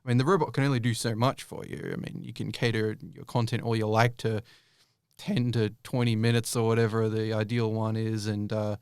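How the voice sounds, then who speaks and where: Smooth-voiced man, rambling interview guest. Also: lowish voice, flat delivery, fairly quick, darkish tone, no room sound, clean studio sound. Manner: rambling, many fillers and restarts. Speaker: YouTube creator guest. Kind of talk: casual interview answers.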